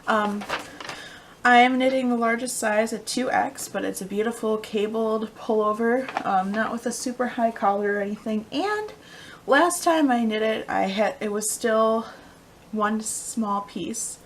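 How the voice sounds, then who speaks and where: A woman's voice: a little high, unhurried, low-quality recording. Woman, young adult, casual podcast host, rambling, lots of ums, faint background noise. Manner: rambling, chatty, many ums, trails off into quiet asides. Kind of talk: casual knitting podcast chat.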